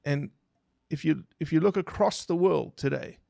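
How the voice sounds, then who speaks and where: Slightly high and creaky, this man's voice comes at a moderate pace with no echo. As a biologist guest on a podcast, he shares stories in a lively explanatory style, throwing questions at his hosts and listeners.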